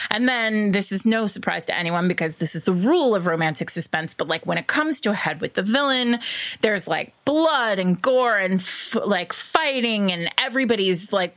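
A woman's voice: medium pitch, a bit bright. A woman hosts a casual podcast chat with a loose, rambling delivery. She talks in fits and starts with many fillers. She keeps laughing along with her own story. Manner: rambling, full of "like" and "um", laughs often. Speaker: podcast host.

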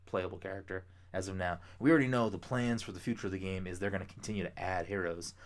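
A young man co-hosting a podcast, chatting casually, rambling with excitement and swearing freely. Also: deep voice, fast talker. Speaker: podcast co-host. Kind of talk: casual chat.

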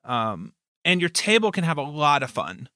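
A man who hosts a podcast and runs tabletop games, chatting casually in an animated way and laughing often. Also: on the high side, normal speed, no room sound, clean studio sound. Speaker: game master and podcast host. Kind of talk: casual chat.

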